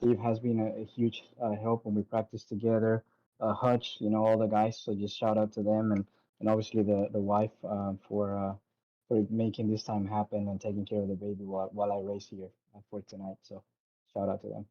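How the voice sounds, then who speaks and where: A racing driver, a man, answering post-race questions in a modest, halting way over dull lo-fi call audio. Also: on the low side, completely flat delivery, warm tone.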